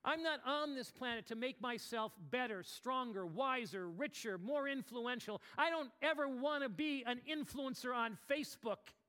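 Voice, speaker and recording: A man preaching a sermon as pastor, swinging from near-whispers to loud outbursts. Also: extremely high pitch, moderate pace, few pauses, clean tone. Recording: long reverb of a large hall.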